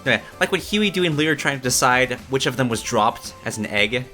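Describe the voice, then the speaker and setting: An agreeable co-host chatting casually on a podcast, eagerly chiming in. The tone is bright and crisp, with lively swings in pitch. Faint music plays in the background. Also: quick pace. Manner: eager, stumbling restarts, agreeable. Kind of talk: casual chat.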